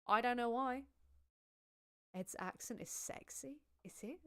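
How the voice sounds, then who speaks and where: A woman's voice: on the high side, unhurried, clean tone. A woman hosting a casual livestream, chatty and giggly as she thanks viewers and reads comments. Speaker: livestream host.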